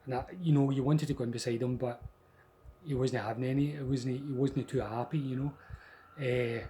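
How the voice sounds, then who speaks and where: A man's voice: medium pitch, steady tone, normal speed, warm tone, a little hiss or hum, rough recording. A Scottish man telling a true ghost story in a rambling, conversational way with many restarts. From Scotland. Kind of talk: casual spoken ghost story.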